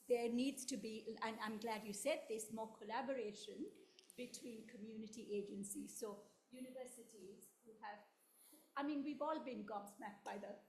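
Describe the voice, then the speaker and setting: A woman from the audience, a funder, giving her comments hesitantly with many ums and an earnest tone. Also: a little high. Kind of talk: audience question at a panel. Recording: echoey room.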